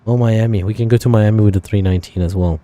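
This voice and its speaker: Mellow, low-voiced man musing over flights. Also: fairly even intonation, fast talker, lo-fi sound. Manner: thinking aloud, rambling with fillers and self-corrections. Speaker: flight sim streamer. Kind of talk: casual live-stream chat.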